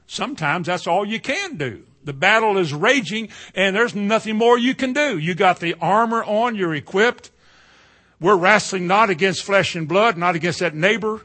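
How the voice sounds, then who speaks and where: A middle-aged preacher man, his tone bright and forceful. His pitch sits a little high. He tells his sermon like folksy stories, sinking to a hush and then rising to loud cries. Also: lively intonation, moderate pace. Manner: folksy storytelling, swings from quiet to loud.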